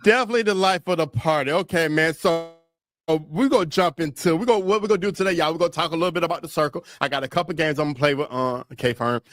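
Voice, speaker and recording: A man hosting a casual interview, talking in a relaxed, colloquial, joking way. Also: on the high side, very fast, soft background music. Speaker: interview host.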